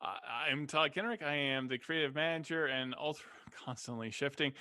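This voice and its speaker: A man's voice: a little high, fairly even intonation, normal speed, pushed and bright, clear, resonant tone, dry recording, studio quality. A man player in a tabletop game speaking in an upbeat way. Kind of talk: casual chat.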